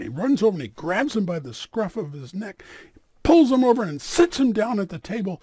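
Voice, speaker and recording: A man telling a story aloud in an animated, dramatic way. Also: sits high, normal speed, slightly rough, no echo, studio quality. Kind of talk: oral storytelling.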